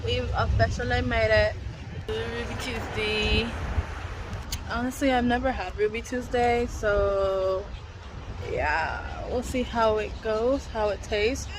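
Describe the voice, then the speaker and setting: A woman's voice: on the high side, slow. A woman hosting a casual vlog, chatting to her phone camera with slang and frequent laughs. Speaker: vlog host. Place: outdoors by the beach and in town. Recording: noisy outdoor phone recording.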